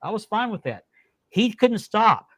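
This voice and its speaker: A man's voice: high-pitched, big pitch swings, unhurried, husky, no room sound. A man hosting a live-stream talk show who speaks indignantly and repeats his points for emphasis. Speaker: podcast host.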